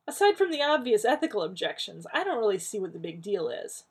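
A woman voicing an excitable, fussy man who talks quickly and indignantly, in a husky, gravelly voice. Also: medium pitch. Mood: defensive. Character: brash, fussy, excitable man, talking fast.

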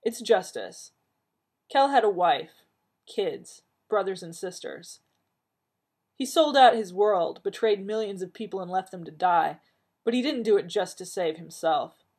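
A woman's voice: mid-range voice, lively intonation, unhurried, a little mellow, slightly rough. A woman reading aloud, voicing a grim, tall warrior man who speaks in terse, brooding lines.

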